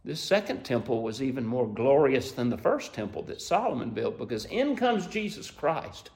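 A man preaching a sermon, telling the story emotively and asking listeners to imagine themselves there, climbing to excited peaks and then dropping soft. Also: mid-range voice, moderate pace, gravelly. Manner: asks listeners to imagine scenes.

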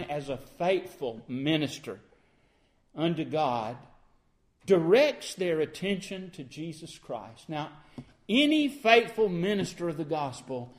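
Earnest pastor preaching. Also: male voice, on the high side. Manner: earnest, plainspoken, explains scripture line by line. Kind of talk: sermon.

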